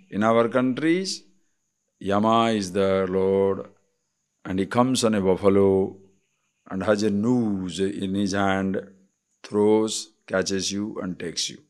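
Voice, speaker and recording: Slow, deliberate Indian swami. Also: male voice, on the low side. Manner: deliberate, explanatory, asks the listeners rhetorical questions. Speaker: swami, spiritual teacher. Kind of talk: spiritual discourse on scripture.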